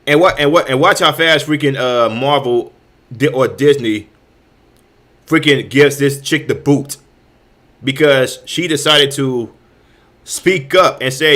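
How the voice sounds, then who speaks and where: A male host ranting in heated commentary, his voice at a middle pitch for a man. He restarts his sentences over and over, repeating words as he pushes his point. Profanity runs through his delivery. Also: measured pace, a bit bright. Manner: heated, repetitive, stammering restarts with frequent profanity.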